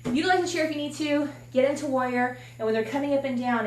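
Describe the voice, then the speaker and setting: A woman's voice: a little high, a little mellow, distant mic. A woman fitness coach talking candidly and encouragingly while demonstrating a workout, sometimes slightly out of breath. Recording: echoey room from off-mic.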